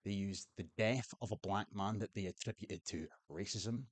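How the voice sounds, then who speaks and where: A man's voice: fairly low pitch, normal speed, dry recording. Blunt, sweary man. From Scotland. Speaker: political commentator. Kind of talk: opinionated commentary.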